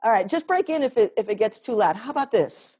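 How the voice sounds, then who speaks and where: A woman comedian and solo performer casually introducing her next piece, halting and self-deprecating with many fillers. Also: on the high side, expressive, darkish tone, husky.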